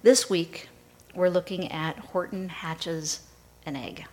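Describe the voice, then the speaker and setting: A woman pastor delivers a sermon at a slow, unhurried pace. Her voice sits a little low, and her telling is measured and steady. Faint noise hums behind her. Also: rough recording.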